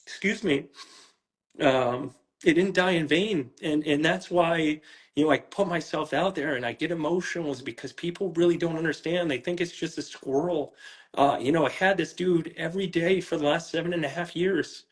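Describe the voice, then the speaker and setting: A man's voice: fairly high pitch, fairly quick. Upset New man, voice near tears. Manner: upset, repeats words, restarts sentences, swears. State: close to tears. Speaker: pet owner interviewed about a raid. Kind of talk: emotional on-camera interview.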